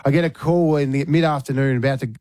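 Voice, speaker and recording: A man's voice: mid-range voice, fast talker, dry recording. Australian man, radio host, casual storytelling, laughs, dry studio sound. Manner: animated storyteller, laughs often.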